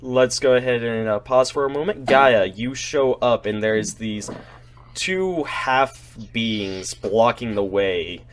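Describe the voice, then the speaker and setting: A man serves as game master for a tabletop session. He narrates at an everyday middle pitch. His delivery is easygoing and full of small pauses. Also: a little hiss or hum. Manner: relaxed, hesitant narration with many fillers.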